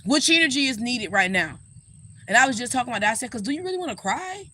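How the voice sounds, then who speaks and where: A woman giving a casual astrology reading. She talks straight to her viewers in a sassy, animated way and swears freely. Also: fairly high pitch, fast talker. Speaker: astrologer and spiritual reader.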